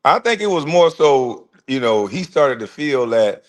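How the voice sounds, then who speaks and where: Casual livestream host, forties man, mid-pitched, slangy and animated. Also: a little slow. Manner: animated, slangy storytelling with laughs.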